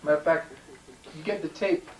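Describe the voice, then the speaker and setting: A man with a fairly high, fairly even voice lectures a live crowd a little fast, emphatic and digressive, with frequent restarts and fillers. He's recorded from a distance in a reverberant room, with a faint hiss underneath.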